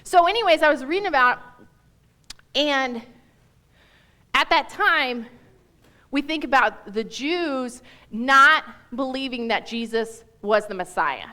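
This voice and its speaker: As a guest speaker at church, a woman gives a Bible teaching in a high voice, speaking slowly with long pauses. She is animated and emphatic, chatty, and often breaks off mid-thought.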